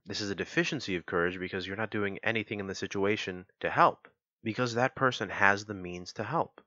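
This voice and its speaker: A man's voice: lowish voice, bright, forceful tone, no echo, lo-fi sound. A man hosting a podcast, explaining a philosophy idea in a lecturing way and working through examples step by step. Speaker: podcast host.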